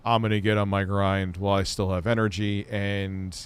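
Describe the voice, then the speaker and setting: Low-voiced, profane male streamer. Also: flat delivery, normal speed, smooth. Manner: profane, rambling and offhand. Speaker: livestream host. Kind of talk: casual livestream chat.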